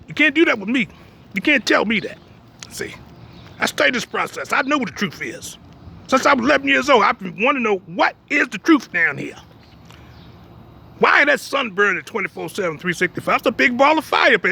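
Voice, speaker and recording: Man, religious teacher; very high, bright gravelly voice, lively swings, blunt emphatic preaching. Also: fairly quick. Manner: emphatic, repeats "you understand me?"; blunt, streetwise, jokes between points. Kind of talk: preaching talk.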